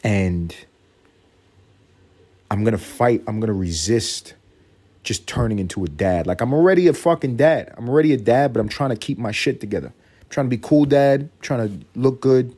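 A young man carries his podcast alone in a loose, profane monologue. He wanders from thought to thought and sometimes breaks into a shrill mock voice for effect. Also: lively intonation, moderate pace, warm tone, husky. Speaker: podcast host. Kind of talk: solo comedic podcast monologue.

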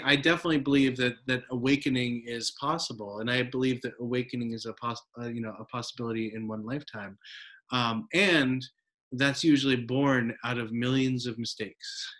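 A man's voice: mid-range voice, fairly bright tone. A man, a Buddhist teacher, talking reflectively in a casual interview, with loose phrasing and frequent tag questions. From United States. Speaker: Buddhist teacher, podcast guest.

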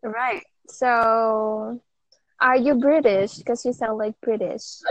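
A woman in her twenties from the Philippines, a podcast guest talking in a hesitant, soft-spoken way late at night while unable to sleep. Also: a little high, fairly even intonation, takes it slowly, dry recording. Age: 20s. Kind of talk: casual podcast chat. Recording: dry, dull lo-fi call audio.

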